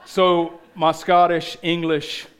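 A man with a thick Southern accent preaching a sermon as a pastor, telling stories with animated emphasis. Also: on the high side, slow, smooth.

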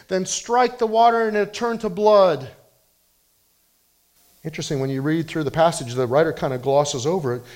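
A man preaching a sermon in an animated way, rising loud when he quotes people and dropping soft and low for personal appeals. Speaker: pastor.

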